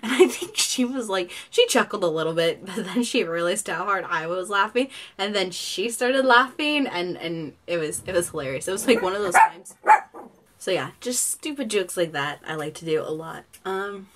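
A woman's voice: on the low side, expressive, normal speed, fairly bright tone. A woman in her twenties chatting casually in a get-to-know-me vlog from her bedroom, rambling with lots of fillers and giggles. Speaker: vlogger.

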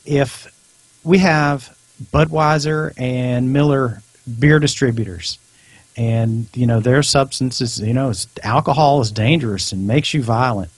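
A man with a husky, slightly rough voice talks earnestly as a podcast guest and lays out his points at length. The sound is dry and close, with no room ring. He is a former police officer speaking casually. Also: mid-range voice, unhurried, no echo. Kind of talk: casual discussion.

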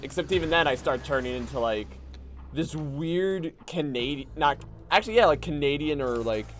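A man streaming a game, giving casual, excitable commentary, swearing at enemies and mocking himself. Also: fairly high pitch, normal speed.

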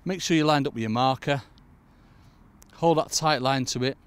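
Smooth, mid-range, and at a normal pace, this British angling coach's voice carries a chatty, casual fishing tutorial. He's outdoors at a lakeside in the cold and keeps saying "folks" to his audience.

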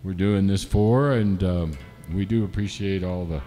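A man hosting a live-stream music show from home, chatting casually and joking, with frequent pauses and fillers. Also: low-pitched, steady tone, dark tone, in a large hall. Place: home setup, not a studio.

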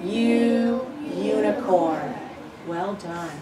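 Teacher leading a classroom in reading. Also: female voice, mid-range voice, extremely slow, heavy background noise. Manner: encouraging, reads aloud with the class in a chanting rhythm. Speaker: first grade teacher. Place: classroom with children. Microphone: far camera mic. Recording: echoey classroom from far off.

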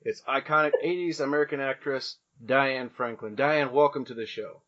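Man in his thirties, podcast host, upbeat, playful, casual chat, medium pitch. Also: steady tone, moderate pace, a bit bright, muffled recording. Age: 30s. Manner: upbeat and playful, with some false starts.

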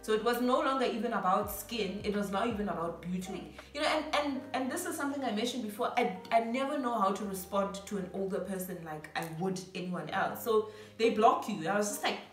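Woman telling a story, lively, does voices for people, roomy echo and a bit off mic, soft music under it. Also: medium pitch, brisk. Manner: animated, acts out quoted people, laughs often. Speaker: co-host of a couple's channel. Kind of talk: casual storytelling chat. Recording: echoey room, voice a bit far, soft music.

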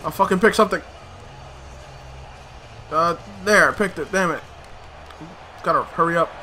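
A man with a high, very bright and sharp voice talks slowly through his gameplay. He mutters to himself and swears when things go wrong, with sudden loud outbursts. A faint hiss sits under the recording. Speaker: let's play host. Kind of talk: gameplay commentary.

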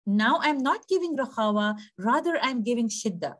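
A woman teaching a recitation lesson, patiently explaining and slowly demonstrating pronunciations. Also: fairly high pitch, expressive. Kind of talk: tajweed lesson.

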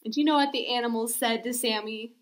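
A woman as a children's librarian, leading a storytime with slow, gentle, exaggerated prompts to young listeners. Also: on the high side, fairly even intonation.

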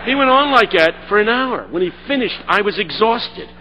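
A man preaching a sermon, telling a story and building to shouted call-and-response. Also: sits high, animated, moderate pace, muffled recording, background noise.

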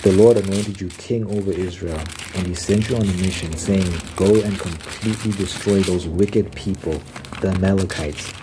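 A man reading the lines of a stern old male prophet rebuking a king, in a solemn, measured ASMR scripture reading. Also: sits low, steady tone, background noise, natural voice.

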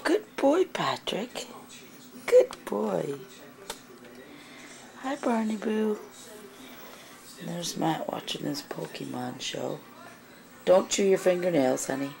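Gravelly-voiced mom. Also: female voice, on the low side, lively intonation, a little slow, long pauses. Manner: gently scolding, then cooing. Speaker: mother filming her children. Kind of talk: casual home-video narration and baby talk. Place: family home, indoors. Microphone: handheld camcorder.

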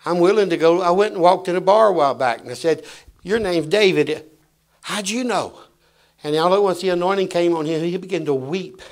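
A man preaching a fiery sermon in a church, swinging between loud shouts and quiet asides. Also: high voice, brisk. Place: church sanctuary.

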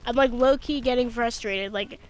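A woman's voice: a little high, moderate pace, slight background noise. Tired young woman with a slight lisp. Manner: tired and cranky, mumbling asides to self. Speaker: gaming video creator. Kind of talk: casual gameplay commentary. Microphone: gaming headset.

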